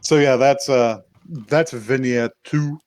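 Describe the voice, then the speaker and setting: A man's voice: mid-range voice, steady tone, slow, darkish tone, clear, resonant tone. A man co-hosting a podcast, casually recapping an episode with lots of fillers and restarts, acting out snippets of the characters' lines. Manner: rambling retelling with many fillers, acting out quoted lines. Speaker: podcast co-host.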